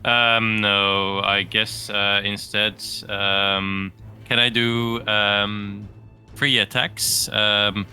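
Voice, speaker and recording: A man playing a tabletop game, hesitant and full of pauses and ums. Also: fairly low pitch, little pitch movement, sharp tone, soft background music. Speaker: player. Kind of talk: casual tabletop game play.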